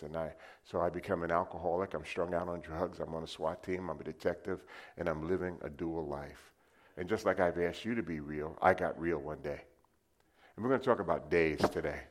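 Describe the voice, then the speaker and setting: Deep-voiced older New preacher. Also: male voice. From New York City. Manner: conversational storytelling with call-and-response to the congregation. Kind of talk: testimony sermon.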